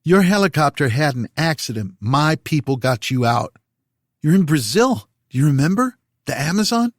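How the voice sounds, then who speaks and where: A male narrator puts on a laid-back, friendly man with a smooth Californian drawl touched by Louisiana, calming a hurt friend. The voice sits noticeably higher than the narration and carries a little more push. Audiobook recording, dry and close. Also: moderate pace, no room sound. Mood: explaining. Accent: Californian with a slight Louisiana lilt. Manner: soothing, reassuring. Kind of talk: audiobook character voice.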